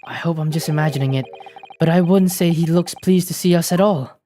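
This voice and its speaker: A woman voicing an earnest young Japanese defense lawyer, a man, speaking in measured lines in a game playthrough. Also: low voice, dark tone, a little hiss or hum, pitched below the performer's own voice, close to an everyday voice.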